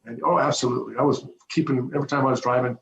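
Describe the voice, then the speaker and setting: Fast-talking man retelling a story. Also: mid-range voice, vocal fry. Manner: fast, animated retelling with hesitant restarts. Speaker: former prison corrections officer. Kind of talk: storytelling in an interview. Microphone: video call. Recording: roomy, dull lo-fi with faint hum.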